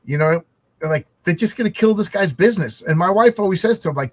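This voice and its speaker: A man's voice: fairly high pitch, expressive, fast talker. A middle-aged man from the United States, chatting casually as a co-host, rambling with lots of restarts. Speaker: podcast co-host. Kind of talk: casual chat over a video call.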